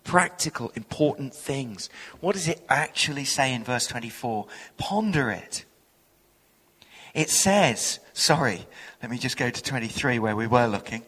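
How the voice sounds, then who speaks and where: A man preaching a sermon, telling a story with lively acted-out voices. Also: mid-range voice, a little slow, husky. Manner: animated storytelling, acting out quoted voices. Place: church hall. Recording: long reverb of a church hall.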